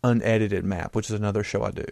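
An American podcast co-host with a fairly low, slightly mellow voice, vocal fry, and fairly even intonation talks fast, easygoing and joking as he reads listener messages and stumbles over place names. The studio-quality audio has no room sound.

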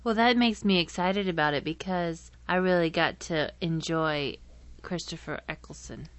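A woman's voice: fairly low pitch, moderate pace, dry recording. A woman co-hosting a podcast in casual chat, giving short replies and laughing along. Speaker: podcast co-host.

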